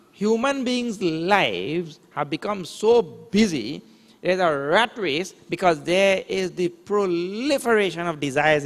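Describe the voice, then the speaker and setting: A man's voice: high-pitched, fairly bright tone. A man, a swami, giving a spiritual lecture, explaining scripture terms and asking rhetorical questions. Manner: recites verses in a slow chant. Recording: long hall reverb.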